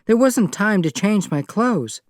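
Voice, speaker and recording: A woman reader voicing an impulsive, fragile young woman, raising her voice high and pleading in an audiobook. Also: very animated, a little slow, darkish tone, no room sound, studio quality. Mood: breathless. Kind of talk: audiobook reading.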